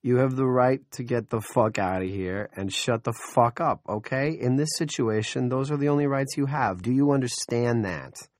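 A man's voice: medium pitch, normal speed, few pauses, no echo, clean studio sound, voice pushed up, natural voice. A man voicing a cocky, crude young male deputy in an audiobook, sarcastic and exasperated. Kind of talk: audiobook character voice.

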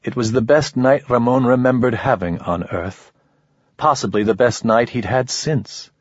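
Male narrator, husky voice, dry close sound, dull lo-fi audio. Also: medium pitch, normal speed, no room sound. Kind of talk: scripted narration.

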